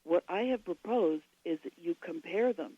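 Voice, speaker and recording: A woman's voice: fairly low pitch, animated, moderate pace, dry recording, dull audio. A woman, a guest author on a radio interview, giving long and digressive explanations.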